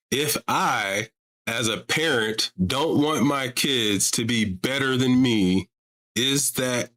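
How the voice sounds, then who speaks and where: A man's voice: medium pitch, bright, forceful tone. A man hosting a live call-in stream about religion, talking casually and pressing his audience with repeated rhetorical questions. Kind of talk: casual livestream talk.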